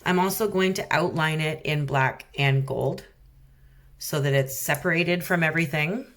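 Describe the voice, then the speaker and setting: Canadian woman, low voice, chatty and giggly, self-deprecating tutorial narration. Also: moderate pace, a bit bright. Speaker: rock painting vlogger. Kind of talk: casual painting tutorial voice-over.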